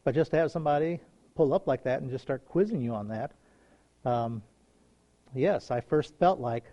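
A man's voice: mid-range voice, normal speed, mellow. A man, a pastor, telling stories in a folksy, chatty, informal sermon with frequent chuckles, on a dull lo-fi recording.

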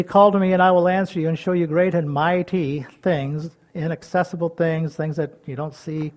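Older man, preacher, folksy sermon, high-pitched, loud calls and soft whispers. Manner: folksy, chuckles often. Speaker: pastor.

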